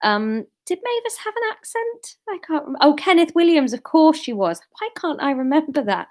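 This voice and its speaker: A woman's voice: sits high, big pitch swings, normal speed, darkish tone. A woman reading her own story aloud live from home, breaking off for chatty, self-mocking asides.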